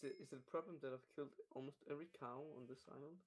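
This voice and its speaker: A man's voice: medium pitch, steady tone, rapid-fire. A man joining a casual game let's play, joking and stammering, often repeating words. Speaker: guest co-player.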